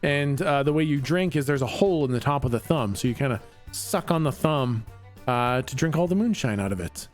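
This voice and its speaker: A man's voice: mid-range voice, expressive, a little fast, faint music behind. A man running a tabletop game as game master, laughing often and improvising with lots of fillers.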